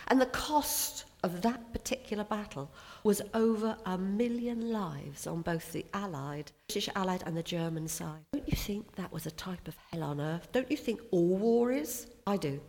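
A woman's voice: mid-range voice, moderate pace, a little mellow. Woman preacher, big swings up and down for emphasis, long echo like a church hall. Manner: emphatic, rises and drops sharply for emphasis. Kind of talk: sermon.

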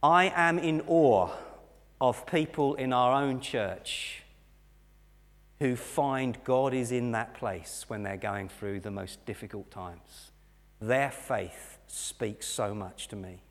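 A man's voice: mid-range voice, slow pace. Earnest preaching man in a reverberant church. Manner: earnest, builds to a raised preaching voice. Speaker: pastor. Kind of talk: sermon. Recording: long reverb of a church hall.

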